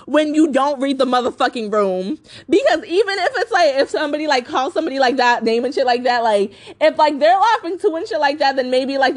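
A woman in her twenties hosting a podcast, ranting casually and swearing a lot, with many fillers. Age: 20s. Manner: profane, emphatic, full of fillers; mocking high voice when quoting others. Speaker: podcast host.

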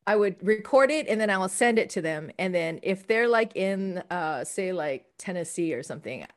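A woman's voice: on the low side, lively intonation, normal speed. Chatty Hawaiian woman co-host. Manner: chatty, laughs often, trails off with fillers. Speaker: podcast co-host. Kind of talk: casual chat.

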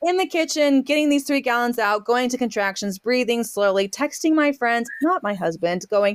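A woman homesteader as a podcast guest, telling a story in a lively way and acting out her own quotes with fillers and laughs. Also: fairly high pitch, normal speed, hardly any pauses, smooth, no room sound, clean studio sound. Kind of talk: casual storytelling interview.

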